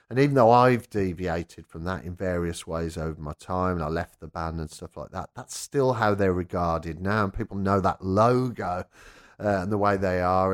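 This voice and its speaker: A man, a rock radio presenter and former punk singer, telling an anecdote in a casual interview, acting out quoted voices as he goes. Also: low voice.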